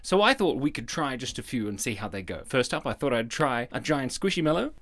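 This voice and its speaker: Playful man with a lively voice. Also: medium pitch, brisk, slight background noise. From Australia. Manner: playful and self-mocking, laughs often. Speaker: comedy YouTuber host. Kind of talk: scripted comedy vlog.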